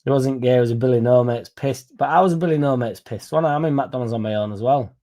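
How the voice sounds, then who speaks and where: A man's voice: mid-range voice, fast, mellow. A young man telling a rambling, sweary story to his livestream viewers in a blunt, casual way. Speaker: football fan streamer.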